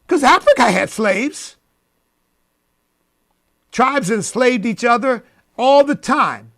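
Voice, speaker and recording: In an unhurried delivery, a male radio host with a gravelly, somewhat high voice works through an emphatic monologue at the studio mic. Quiet asides give way to loud, preacherly peaks.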